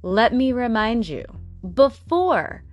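A woman's voice: on the high side, sing-song, slow, faint music behind. A woman casually narrating a true crime story, blunt and sarcastic, swearing in her asides.

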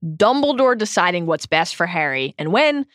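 A woman's voice: on the low side, big pitch swings, moderate pace, fairly bright tone, dry recording. A woman co-hosting a podcast book discussion, earnest and emphatic, reading passages aloud at a close studio mic. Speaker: podcast co-host.

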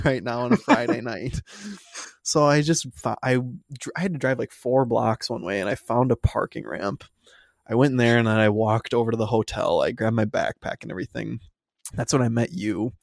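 A man's voice: medium pitch, gravelly, no room sound, clean studio sound. A young man, co-hosting a podcast and telling an exasperated, sweary story with laughs. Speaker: podcast co-host. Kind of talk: casual storytelling chat.

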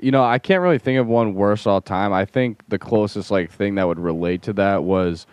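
A young man in casual chat, relaxed and rambling, recalling family traditions. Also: lowish voice, moderate pace, clean tone, no room sound.

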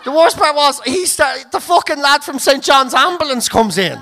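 A man, a comedian telling a sweary story with shouted, laughing bursts. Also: very high voice, lively intonation, normal speed. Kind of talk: storytelling anecdote.

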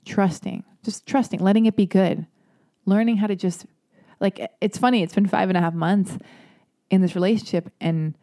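Mellow-voiced woman, candid and rambling. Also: fairly low pitch. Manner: candid, rambling, swears freely, many filler words; emphatic and animated when worked up. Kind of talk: casual chat.

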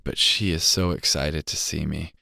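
A man telling a heartfelt personal story as an interview guest, earnest and emotional, sometimes dropping to a hushed voice. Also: very deep voice, steady tone, normal speed, vocal fry, no echo, clean studio sound. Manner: earnest, emotional, drops to a hushed voice for tender moments.

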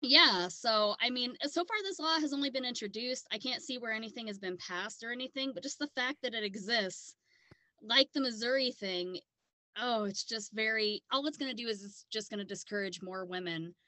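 Woman from south dakota on a podcast, bit high voice, blunt and sweary, dead dry sound. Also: pushed and bright, dry recording. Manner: blunt, profane, quick to laugh. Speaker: podcast co-host. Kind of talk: casual chat.

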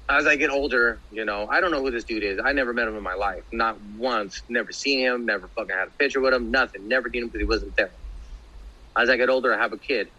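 A man's voice: pushed and bright, muffled recording. A man in his thirties casually telling a personal story, rambling and swearing, with many fillers and restarts. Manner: acts out quoted voices with big pitch jumps.

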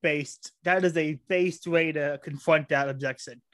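A man hosts a casual chat, excitable and tripping over his own restarts. His voice sits fairly high for a man. The sound is close and dry, with no room around it. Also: no room sound. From United States. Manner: excitable, quick restarts and stumbles. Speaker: podcast host. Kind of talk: casual conversational interview.

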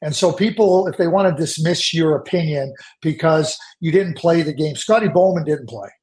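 Insistent high-voiced man. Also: moderate pace, a little mellow. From Canada. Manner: insistent, repeats words when pressing a point. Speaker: hockey analyst guest. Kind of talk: emphatic opinionated sports talk.

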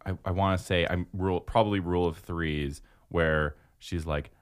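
Deep voice guy doing a wry laughy movie recap, swears a lot. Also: fairly even intonation, a little fast. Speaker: podcast co-host. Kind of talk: casual movie recap chat.

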